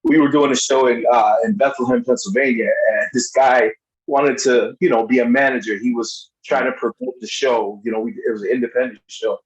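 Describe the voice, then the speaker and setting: A man telling wrestling stories as a podcast guest, in a casual, animated way, acting out other people's lines in a raised voice and laughing often. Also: medium pitch, fairly quick, poor audio. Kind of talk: casual storytelling.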